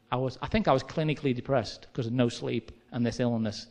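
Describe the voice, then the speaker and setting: A man's voice: medium pitch, fast. Storytelling English preacher man. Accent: English Midlands. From England. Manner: conversational, animated storytelling with quoted dialogue. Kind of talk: sermon storytelling.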